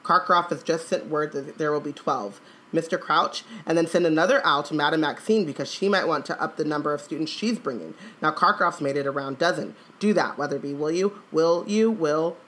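A woman's voice: sits low, a little fast, fairly bright tone. A woman reading aloud and voicing an older male official who mutters orders to no one and then pleads in frantic bursts. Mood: muttering.

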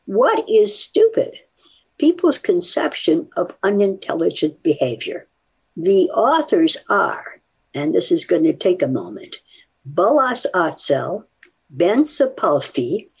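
An older woman, a psychologist, chatting casually and reading a study aloud with animated asides. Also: lowish voice, slow pace, slightly rough. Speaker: psychologist guest.

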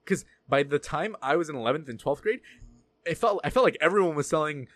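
A man's voice: fairly high pitch, fast, no echo. A young man telling a story in casual chat, swearing freely and acting out what others said. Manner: profane, animated storytelling with mimicked voices.

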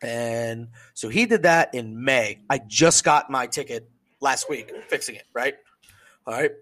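A man co-hosting a casual podcast, telling a profane, animated story and acting out what other people said. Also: mid-range voice, measured pace. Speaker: podcast co-host, service member.

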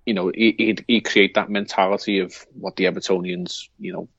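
A man's voice: low voice, flat delivery, a little fast, fairly bright tone, breathy edge, dry recording, lo-fi sound. A man with a Liverpool accent co-hosting a podcast in rambling casual chat, often restarting his sentences. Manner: rambling, hesitant, with frequent restarts and fillers. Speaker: podcast co-host.

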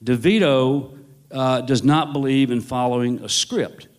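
A man's voice: mid-range voice, a little slow. Wry man telling a long anecdote. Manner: rambling, self-correcting, wry. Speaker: novelist guest. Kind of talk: anecdotal storytelling.

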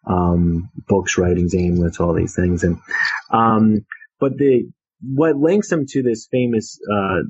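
A man's voice: fairly low pitch, takes it slowly, a little mellow, slightly rough. A man, an author, telling a long story about his book in a casual, rambling way with many fillers. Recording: dull lo-fi sound.

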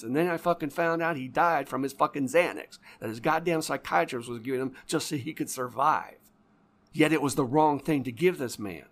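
A man hosting a casual podcast conversation as an addiction counselor, swearing heavily as his passionate storytelling flares into angry rants. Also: on the high side. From lives in Florida.

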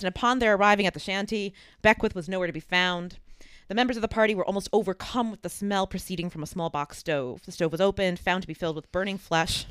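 A woman's voice: medium pitch, clear, resonant tone, dry recording. A woman co-hosting a podcast, casually telling a true-crime story and reading old newspaper accounts. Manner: lively storyteller, acts out quoted voices. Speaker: podcast co-host.

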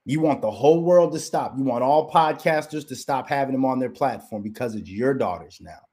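A man's voice: medium pitch, a little fast, darkish tone, husky. A man hosting a podcast, delivering a heated commentary rant full of rhetorical questions and repeating his rival's name for emphasis. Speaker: podcast host.

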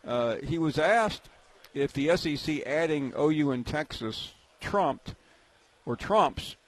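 A man's voice: on the high side, expressive, takes it slowly. A man interviewing a guest in a casual sports conversation, asking questions in an inquisitive tone.

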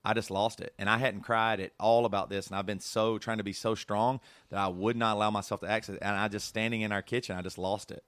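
A man's voice: on the low side, little pitch movement, fast, hardly any pauses, a bit bright, smooth, no echo. A man hosting a casual podcast, talking earnestly and emotionally with many restarts. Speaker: podcast host.

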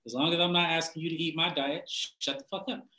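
A man's voice: fairly high pitch, fast talker. Blunt profane man in an echoey room. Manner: blunt, profane, laughs often, animated when mocking. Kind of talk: casual profane rant.

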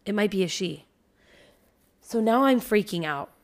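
A woman, a parent in her thirties, telling a story on a podcast in an animated, swearing, casual way. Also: mid-range voice, a little slow. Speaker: podcast host.

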